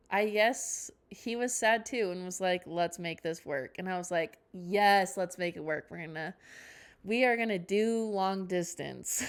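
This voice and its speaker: Telling a rambling podcast story in a casual storytime chat, a young woman host keeps going off on tangents and adding self-deprecating asides. Her voice is smooth and medium-pitched.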